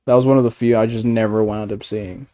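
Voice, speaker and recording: A man's voice: on the low side, fairly even intonation, fast, warm tone. A man talking casually, rambling with stammered restarts, frequent swearing and bursts of laughter. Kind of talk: casual chat.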